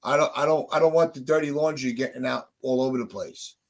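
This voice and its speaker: A creaky, mid-range male voice moves fairly quickly with fairly even intonation. He's a podcast host letting off steam in heated casual talk, swearing and restarting his lines again and again out of frustration.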